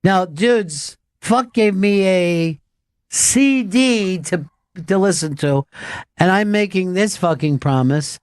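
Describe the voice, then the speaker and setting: A man's voice: high voice, takes it slowly, clean tone, no room sound, studio quality. A man hosting a radio show in loose, profane, casual chat full of fillers.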